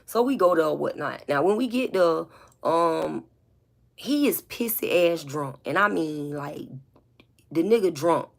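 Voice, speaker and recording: Gravelly low-voiced woman, confessional and blunt. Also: expressive, unhurried. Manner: candid, blunt and profane, with many repeats and fillers; emotional, holding back tears. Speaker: vlogger. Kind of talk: confessional monologue to camera.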